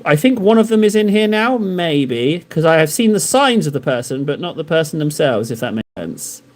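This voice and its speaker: A man's voice: on the high side, big pitch swings, moderate pace. A man streaming live while painting miniatures, chatting casually and joking in a rambling, self-deprecating way with his viewers. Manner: rambling, joking banter with chat.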